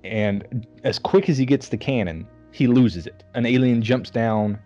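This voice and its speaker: A man casually ranting about a film on a podcast, sarcastic and animated, mocking the scenes in funny voices. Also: medium pitch, a little slow, lo-fi sound, faint music behind. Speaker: podcast co-host reviewing a film. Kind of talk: casual chat.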